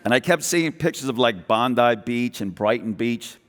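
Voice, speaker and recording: On a big event hall stage, a middle-aged guest entrepreneur with a Brooklyn, New York accent tells his business story with lots of energy, acting out other people's lines and quickly restarting sentences. His voice is mid-range, and the conference hall is reverberant.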